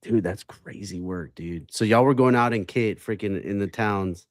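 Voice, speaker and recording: A man's voice: on the low side, moderate pace. A young man hosting a podcast, laid-back, reacting with short comments and lots of "dude.". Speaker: podcast host. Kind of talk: casual chat.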